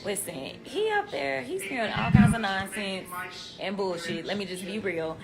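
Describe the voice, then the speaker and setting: A woman's voice: mid-range voice, animated, moderate pace, over loud music. A congresswoman speaking bluntly and with profanity at a public event. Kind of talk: speech at a rally. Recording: clip with a crowd behind.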